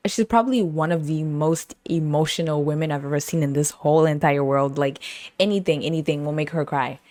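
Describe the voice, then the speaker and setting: Young woman, podcast host, low voice, dry close sound, animated rambling storytelling, slangy. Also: moderate pace, no echo. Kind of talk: casual storytime chat.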